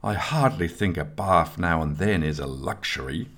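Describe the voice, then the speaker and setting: A man's voice: low voice, expressive, normal speed, a bit bright. A man reading an audiobook voices a fussy, exasperated young man who corrects his friend with patient primness. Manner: prim and exasperated.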